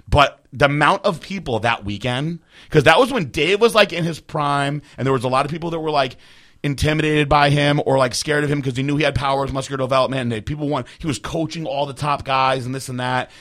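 A man rattles through a story at a rapid clip, his voice bright and forward. He swears freely and rambles, poking fun at himself as he goes. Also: fairly high pitch. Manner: rambling, profane, self-deprecating. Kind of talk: casual storytelling.

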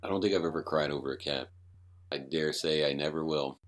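A man's voice: very deep voice, a little fast. A man co-hosting a casual podcast, talking in a blunt, wry way. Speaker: podcast co-host.

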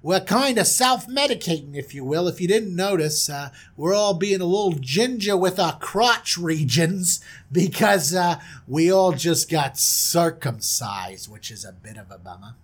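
A man's voice: a little high, animated, a little slow, slightly rough. A man voicing a boastful young prince who talks like a mob boss, brash and schmoozing. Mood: jovial. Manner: brash, schmoozing, self-satisfied.

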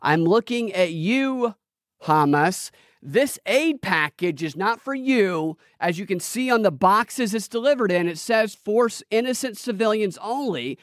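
A man's voice: high-pitched, lively intonation, unhurried, no room sound, clean studio sound, pitched above the performer's own voice. A man doing a mocking impression of an elderly male president, scolding in a patronizing, sing-song way.

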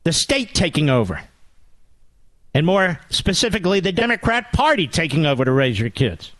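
A man's voice: fairly high pitch, sing-song, moderate pace, a bit bright, no echo. A man hosting a political talk radio show, delivering a combative, sarcastic monologue.

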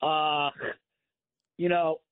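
A man's voice: fairly high pitch, level tone, drawn-out words, clear, resonant tone, no echo. A man in his sixties calling in to a radio show, chatting and telling a story. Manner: conversational, storytelling. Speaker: caller. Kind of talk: call-in radio talk. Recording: phone line.

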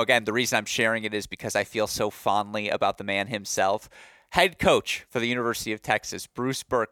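This podcast host's voice is lowish and clean, a bit tired from a long day, recorded in a dry, echo-free studio. He runs through sports match recaps with real enthusiasm, his volume and excitement rising whenever he gets into a story.

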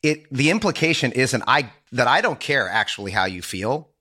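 A man co-hosting a podcast in casual chat, laying out his reasoning calmly. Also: mid-range voice, moderate pace, husky. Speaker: podcast co-host.

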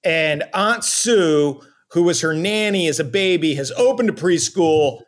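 A man co-hosting a sports talk show who chats in a halting way, full of fillers. He speaks slowly, in a slightly high voice. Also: animated. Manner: hesitant, halting, with many fillers. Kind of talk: sports radio banter.

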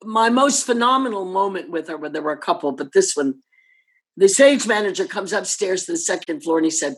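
An older actress telling anecdotes in an interview, animated and laughing often as she acts out what others said. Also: fairly low pitch, brisk, breathy edge.

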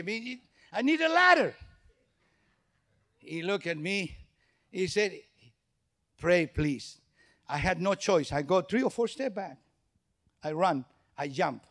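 A man's voice: sits high, slow, pauses often. A male pastor preaching a sermon, telling stories and acting out dialogue in English that is not his first language. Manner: animated storytelling, acts out dialogue; non-native English phrasing.

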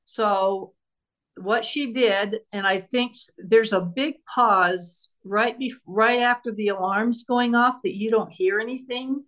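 A woman's voice: a little high, slow pace, a bit bright. A woman author, a guest on an interview show, retelling a true crime case and acting out the voices of the people involved.

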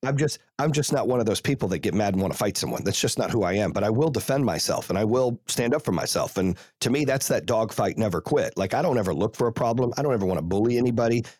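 A man's voice: lowish voice, expressive, fast talker, few pauses, darkish tone, dry recording. Blunt, profane man hosting a podcast. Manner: blunt, profane, fired-up storytelling. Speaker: podcast host and youth football coach. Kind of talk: casual podcast chat.

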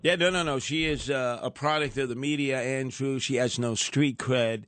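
A man's voice: mid-range voice, normal speed, fairly bright tone. A man hosting a talk radio show, delivering a combative, mocking monologue. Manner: sarcastic, mocking, emphatic with nicknames. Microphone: studio microphone.

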